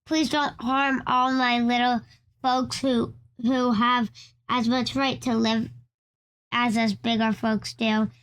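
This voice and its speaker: A woman voicing a kind, worried male elephant in a read-aloud storybook, in an earnest, halting way. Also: fairly high pitch, flat delivery, a bit bright, clean tone. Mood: anxious.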